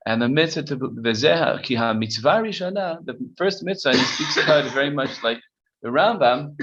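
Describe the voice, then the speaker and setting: A man's voice: mid-range voice, fairly bright tone, highs cut off. A man teaching a casual text-study class, reading Hebrew passages aloud and explaining them conversationally. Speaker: Torah teacher.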